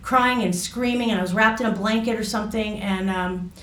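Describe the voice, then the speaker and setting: Halting woman in an echoey room. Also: mid-range voice, a bit bright, recorded from a distance. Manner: halting, many fillers and restarts. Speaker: guest recounting a personal experience. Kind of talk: personal storytelling.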